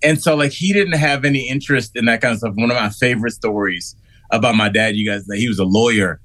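A man's voice: mid-range voice, fast, fairly bright tone. A man calling in to a radio show over video, telling rambling stories with many restarts and laughs. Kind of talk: casual radio banter.

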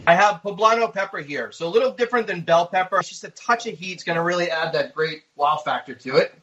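A man, a guest chef, giving a relaxed step-by-step cooking demonstration. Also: high-pitched, quick pace, highs cut off. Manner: easygoing, step-by-step explaining.

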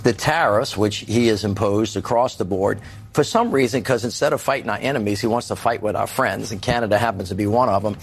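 A man's voice: fairly low pitch, fairly quick. A man speaking as a political guest on a panel show, folksy and emphatic, acting out the voices of ordinary people.

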